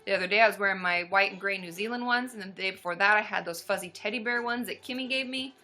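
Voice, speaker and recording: A young woman chatting excitedly to her viewers while opening fan mail, often squealing with delight. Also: medium pitch, quick pace, faint music behind. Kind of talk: casual livestream chat.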